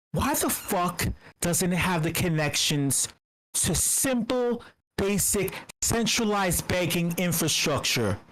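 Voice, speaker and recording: A mid-range, fairly bright voice comes through poor audio as a participant in an online group call vents heatedly and with plenty of profanity. Exasperated and emphatic, the speaker keeps restarting sentences.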